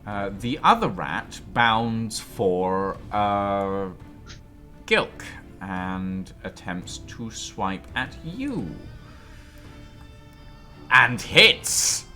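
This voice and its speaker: A man's voice: lowish voice, very animated, extremely slow, pushed and bright, soft background music. A man running a tabletop game as game master, narrating with many fillers and laughing asides.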